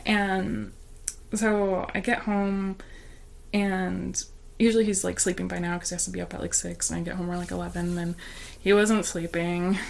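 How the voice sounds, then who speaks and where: A woman's voice: on the low side, flat delivery, normal speed, creaky, a little hiss or hum. A woman telling a story in casual chat, talking loosely with lots of fillers and laughing as she goes.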